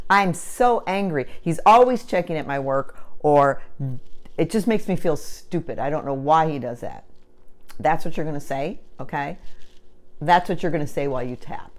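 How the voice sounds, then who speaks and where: A middle-aged woman who works as a tapping practitioner, teaching straight to the camera and acting out the rants of others as she explains. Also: low-pitched. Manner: animated, acts out the ranting of others.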